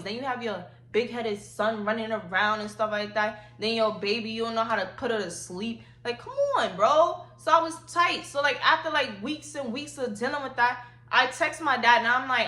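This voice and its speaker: A woman's voice: on the high side, moderate pace, few pauses, pushed and bright. An 18-year-old woman telling a personal story for her vlog in slangy, emphatic talk, often repeating her points, recorded on a phone. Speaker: vlogger. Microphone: phone camera. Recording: roomy echo.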